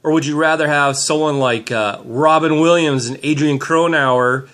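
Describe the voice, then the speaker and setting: A man's voice: a little high, moderate pace, fairly bright tone. A middle-aged man filming himself on a handheld camera, giving an upbeat, rambling motivational talk with many fillers. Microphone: handheld camera mic.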